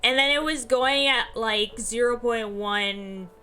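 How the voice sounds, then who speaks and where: A woman's voice: on the high side, slow pace, pushed and bright, clean tone, faint music behind. A sleepy woman streamer chatting casually, rambling along and laughing often while she yawns. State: sleepy, yawning. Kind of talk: casual livestream chat.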